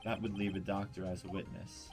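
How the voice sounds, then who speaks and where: A man's voice: low voice, little pitch movement, brisk. A man voicing a cool, grave young prosecutor. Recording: voice over loud background music.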